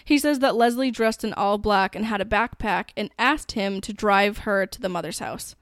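A woman's voice: medium pitch, normal speed, no room sound, studio quality. Chatty woman retelling a crime case. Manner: chatty, filler-heavy, swears casually. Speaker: podcast co-host. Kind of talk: casual true-crime storytelling.

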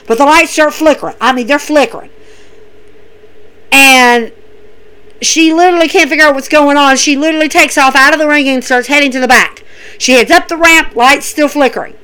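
A woman recapping wrestling shows in a casual, excitable way, acting out what people said. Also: sits high, brisk, rough recording. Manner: excitable storyteller acting out quotes.

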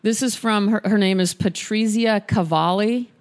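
A woman hosting a casual podcast, reading poems aloud in a husky, worn voice with playful, unhurried asides between them. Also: medium pitch. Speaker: podcast host reading poetry.

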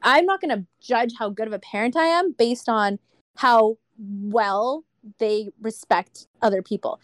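Young woman podcast guest, kinda high voice, blunt and fired up, cusses a lot, dry close sound. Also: lively intonation, moderate pace, no echo. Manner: blunt and impassioned, swears freely. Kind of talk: candid casual chat.

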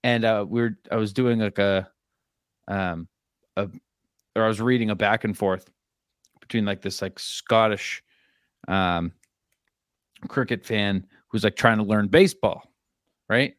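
A man's voice: fairly low pitch, fairly even intonation, measured pace, long pauses, no echo, studio quality. Rambling casual podcast co-host, man. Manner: rambling, filler-heavy, joking. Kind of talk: casual chat.

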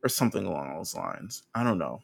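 A man co-hosting a podcast, chatting casually in a relaxed, slangy way. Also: low-pitched, fairly quick, creaky, breathy edge. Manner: relaxed, loose with fillers and slang. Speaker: podcast co-host. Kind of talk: casual chat.

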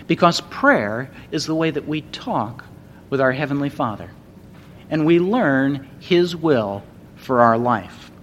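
A man delivers a sermon at a slow, deliberate pace. He speaks earnestly and swells into loud, emphatic repetitions. A long reverb and a faint rumble sit behind his voice. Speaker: preacher.

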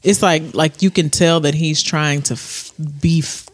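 A woman's voice: deep voice, measured pace. A woman co-hosting a casual podcast, talking frankly and telling stories with mimicked quotes. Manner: candid, animated storytelling with mimicked quotes; explicit, frank commentary. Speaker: podcast co-host.

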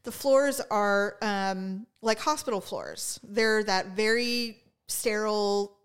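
A woman's voice: mid-range voice, slow pace, clean tone. A woman co-hosting a podcast in casual chat, telling stories and acting out what other people said. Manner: chatty storyteller, acts out quotes in funny voices. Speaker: podcast co-host.

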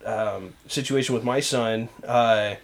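A man's voice: mid-range voice, takes it slowly. A middle-aged man co-hosting a casual talk show, earnest and conversational, talking through how parents handle their kids. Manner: earnest, conversational, frequent fillers. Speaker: podcast co-host. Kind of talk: casual chat.

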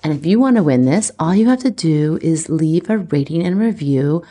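A woman's voice: deep voice, animated, moderate pace, warm tone, breathy edge. A woman hosting a casual solo podcast as an astrologer, candid and chatty with lots of fillers, teary and close to crying, recording at home.

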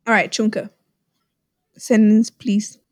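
A young woman from Texas co-hosting a podcast in casual chat, joking and quick to laugh. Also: mid-range voice, flat delivery. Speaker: podcast co-host.

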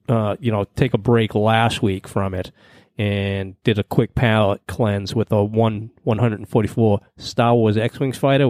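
A man hosting a casual hobby podcast, talking in a relaxed way with plenty of fillers. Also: on the low side, dry recording. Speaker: podcast host. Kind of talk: casual chat.

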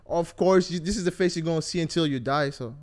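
Young male podcast host, slightly high voice, rambling and jokey. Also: fast talker, slight background noise. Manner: joking, rambling. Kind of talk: casual chat.

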